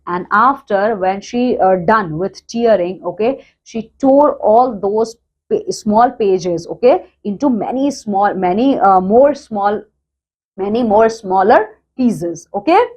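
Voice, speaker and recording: A woman's voice: medium pitch, expressive, slow pace, a little mellow. A woman teacher explaining a play, restarting often, checking in with "okay?" and paraphrasing each line. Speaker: English teacher.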